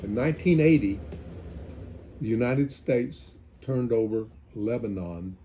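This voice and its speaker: A man's voice: medium pitch, expressive, measured pace, dark tone, slight background noise, poor audio. An older man, a veteran, recalling his army days in an oral history interview, telling anecdotes with many restarts. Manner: rambling anecdotal storytelling with restarts.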